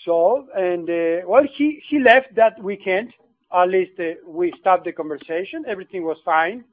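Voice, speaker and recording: A man from Argentina, a priest telling his own story in English in a halting way, repeating words and bending the grammar. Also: high voice, lively intonation, no echo. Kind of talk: personal storytelling. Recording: tinny phone-like line.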